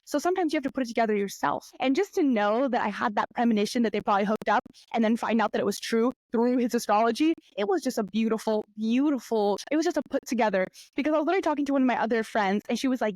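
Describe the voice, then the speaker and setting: A young woman hosting a podcast, chatting and telling stories in a lively way, often jumping up into high voices when she quotes people. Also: quick pace, hardly any pauses, no echo. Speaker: podcast host. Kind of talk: casual solo podcast storytelling.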